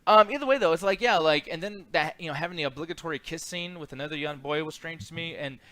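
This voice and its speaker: A man's voice: on the high side, fast talker, dry recording. A young man co-hosting a casual movie review chat, rambling and swearing as he rants about a film. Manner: profane, rambling, animated ranting. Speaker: podcast co-host reviewing movies.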